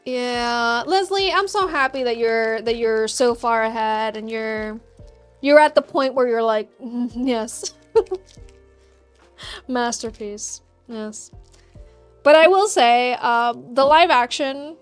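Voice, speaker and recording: Chatty high-voiced woman, unhurried. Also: clean tone, soft background music. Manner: chatty and upbeat, laughs often, answers chat questions. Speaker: craft livestream host. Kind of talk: casual chat with live chat while crafting.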